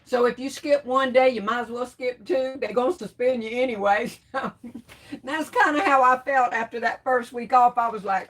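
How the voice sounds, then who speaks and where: A middle-aged woman hosts a casual crafts livestream, reading out comments and answering them with warm terms of endearment. She's chatty and laughs often. Her voice sits on the high side, at a normal speed.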